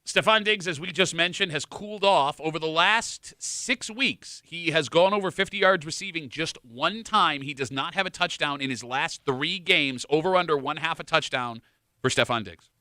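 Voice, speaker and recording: A man's voice: a little high, normal speed, sharp tone, no room sound, studio quality. A man hosting a sports radio show, running the segment and teasing his co-hosts.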